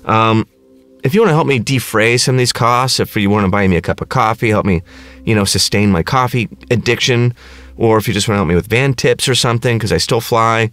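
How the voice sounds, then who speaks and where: A man's voice: mid-range voice, brisk, fairly bright tone, no echo. Crass, rambling male podcast host. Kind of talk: casual comedic rant.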